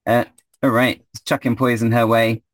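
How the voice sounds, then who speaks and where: A man's voice: mid-range voice, level tone, moderate pace, no room sound. A man running a tabletop game as game master, hesitant with many fillers.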